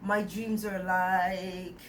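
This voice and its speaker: A young woman telling a dream in a rambling, animated way, quoting the people in it. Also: on the low side, very slow, slight background noise, poor audio. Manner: rambling, animated retelling with quoted dialogue. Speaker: dream vlogger. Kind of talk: casual storytelling about a dream.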